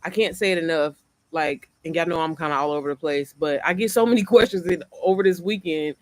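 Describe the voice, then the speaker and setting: A woman's voice: deep voice, a little fast, no room sound. Chatty woman on a home livestream. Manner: chatty, rambling, repeats herself. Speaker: online business creator hosting a livestream. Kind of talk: casual livestream chat. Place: at home, indoors.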